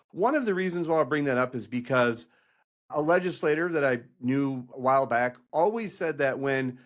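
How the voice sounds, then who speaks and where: A male podcast host with a mid-pitched voice puts long, winding questions to his guest. He stacks clauses and rephrases as he goes, circling the point before landing it. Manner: long, layered questions with self-corrections. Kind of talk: interview questions.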